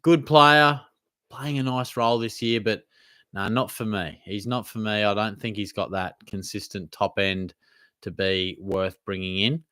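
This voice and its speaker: A man's voice: fairly low pitch, fairly even intonation, a little slow, pushed and bright, dry recording. Laid-back Australian man, dry close mic. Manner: laid-back, chatty, slangy. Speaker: host. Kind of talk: casual live Q&A chat.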